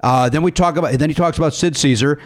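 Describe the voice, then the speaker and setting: A man hosting a podcast, telling stories in an excitable, animated way and laughing often. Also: fairly high pitch, fast. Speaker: podcast host. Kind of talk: casual chat.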